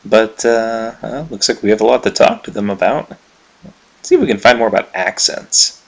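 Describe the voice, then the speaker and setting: A man giving relaxed, chatty commentary on a game he plays for viewers, fond of its writing. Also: lowish voice, moderate pace, vocal fry. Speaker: let's player. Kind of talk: gameplay commentary.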